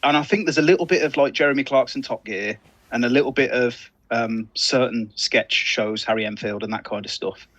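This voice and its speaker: A man's voice: mid-range voice, a little fast, fairly bright tone, no echo. Dry, dull-sounding Brummie man joking. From Birmingham, England. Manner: wry, joking banter. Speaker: co-host. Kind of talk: casual live-stream chat.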